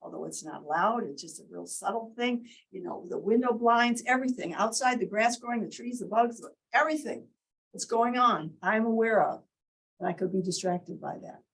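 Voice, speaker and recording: A woman with a breathy, husky voice, sitting at an everyday pitch, leads a workshop in an indoor meeting room. She teaches interactively, firing questions at the group and acting out different tones of voice to make her point. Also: normal speed, rough recording. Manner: quizzes the group, demonstrates tones of voice. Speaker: workshop leader.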